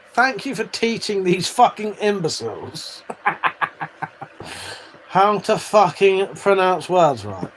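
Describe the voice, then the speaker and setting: A British man hosts a livestream, reading out chat messages in a casual, jokey way while swearing freely and laughing often. His voice is fairly high-pitched, with a little hiss or hum in the audio.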